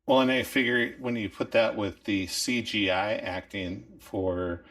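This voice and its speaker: Low-voiced man hosting an interview. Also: big pitch swings, a little slow, vocal fry, fairly bright tone. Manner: brief listening sounds and thoughtful questions. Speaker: podcast host. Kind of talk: interview questions.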